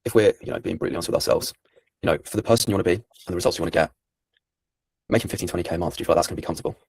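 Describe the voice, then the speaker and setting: A man in his early twenties working as a sales closer, calm and persistent, answering with more questions. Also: sits low, racing, vocal fry, slightly rough, no echo. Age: 20s. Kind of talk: sales call conversation.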